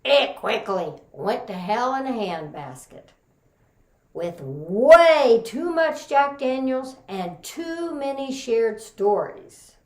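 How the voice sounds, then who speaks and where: Woman from texas telling folksy stories in a speech, high lively voice, echoey room. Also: slow pace. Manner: folksy storytelling with Southern sayings. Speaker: contest speaker. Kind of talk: humorous practice contest speech.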